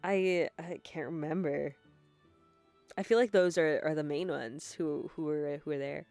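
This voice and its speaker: A woman's voice: low voice, fairly even intonation, a little slow, darkish tone, no echo, soft background music. Rambling, giggly young woman streamer. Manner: rambling, giggly and self-deprecating, with swearing and apologies. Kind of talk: casual game commentary. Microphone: handheld mic, no desk.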